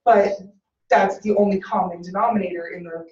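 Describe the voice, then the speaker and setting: A woman in class telling a personal story in an animated way, acting out the lines of others. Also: mid-range voice, brisk. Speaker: student. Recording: dull, roomy, from a distant mic.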